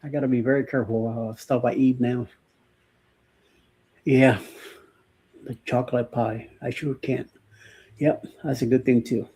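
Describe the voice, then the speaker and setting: A man's voice: mid-range voice, steady tone, a little slow, pauses often, mellow, breathy edge. A man co-hosting a casual morning live show, joking and rambling with lots of fillers and laughter. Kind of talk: casual live-stream chat.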